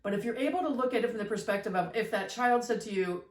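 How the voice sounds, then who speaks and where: A woman's voice: a little high, fast. Mother-aged woman explaining in a roomy space. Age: middle-aged. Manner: reflective, explanatory. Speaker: podcast co-host, mother. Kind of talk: casual conversation. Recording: roomy, distant from the mic.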